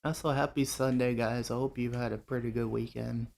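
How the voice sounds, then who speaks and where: A man streaming a game, chatting casually and relaxed with his viewers, greeting them by name. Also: medium pitch, a little fast, vocal fry. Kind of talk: casual live-stream chat while gaming. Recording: faint music behind the voice.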